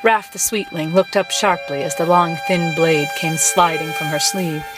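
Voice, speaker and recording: A woman's voice: on the low side, fairly even intonation, moderate pace, rough recording. Woman narrating a tense story over music. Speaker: guest reader. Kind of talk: audiobook-style narration. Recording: music playing behind voice.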